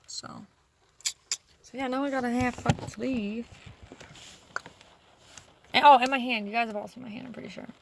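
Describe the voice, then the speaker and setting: A young adult woman vlogging casually to camera, rambling through a story with heavy profanity and animated retelling. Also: a little high, moderate pace, creaky, long pauses, noisy background.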